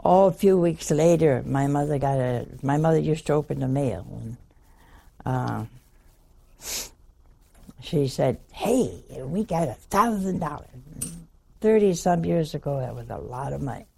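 A woman's voice: very deep voice, a little slow, vocal fry, long pauses, mellow. An older woman, a nun, telling a funny story in a wry, folksy, chuckling way. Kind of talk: humorous anecdotal storytelling talk.

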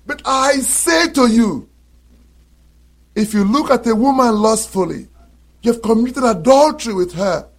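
Male preacher, high voice, unhurried, emphatic sermon delivery with rhetorical questions. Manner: emphatic, repeats phrases, asks rhetorical questions. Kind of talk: sermon to listeners.

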